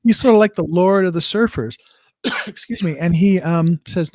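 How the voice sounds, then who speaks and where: A man's voice: high voice, moderate pace, darkish tone, no room sound, studio quality. A man co-hosting a casual film review, retelling the plot in a rambling way with restarts.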